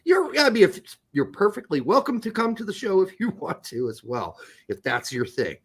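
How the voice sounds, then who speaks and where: High, lively-voiced joking male host. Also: moderate pace, husky. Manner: joking, profane, laughs often. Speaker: podcast host. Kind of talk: casual crude banter.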